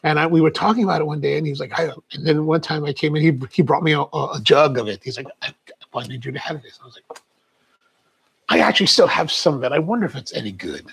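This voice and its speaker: Middle-aged male livestream host, slightly high, rough-edged voice; loose, rambling chat. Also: fast, a bit bright. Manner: chatty, rambling storyteller.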